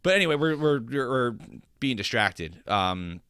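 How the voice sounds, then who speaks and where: Young guy on a podcast, rambles a lot, bright tense voice, dry close sound. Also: medium pitch, animated, measured pace, clean tone, no room sound. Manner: rambling, many restarts and filler likes. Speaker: podcast co-host. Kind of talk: casual podcast chat.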